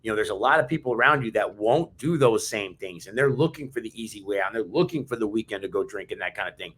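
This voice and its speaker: A man with a lowish voice co-hosts a podcast in casual chat. He talks in an emphatic, fired-up way, telling stories with strong conviction. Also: lively intonation, fast, a bit bright, a little hiss or hum. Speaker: podcast co-host.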